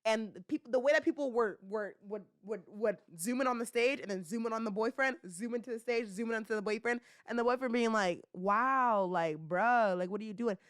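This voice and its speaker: A young woman hosting a casual commentary podcast, talking in slangy, animated bursts full of rhetorical questions and teasing. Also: on the high side, a little fast, few pauses, no echo, studio quality. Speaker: podcast host.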